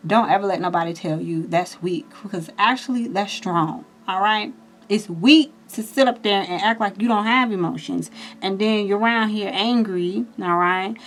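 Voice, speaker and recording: A woman's voice: medium pitch, moderate pace. A woman giving a casual astrology and tarot reading, chatty and reassuring, speaking directly to her viewers. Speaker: tarot reader.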